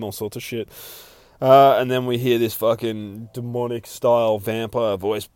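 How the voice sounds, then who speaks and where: Man, low voice, rambling comic book review, lots of swearing and fillers, dry close sound. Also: steady tone, unhurried, darkish tone, no echo. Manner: acts out character quotes. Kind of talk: casual comic review chat.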